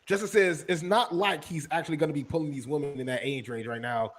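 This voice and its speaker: A man's voice: fairly high pitch, fast. A man co-hosting a live podcast in a casual, joking way, reading viewer comments aloud. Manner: animated, joking, reads chat comments aloud. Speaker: podcast co-host. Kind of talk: casual wrestling podcast chat.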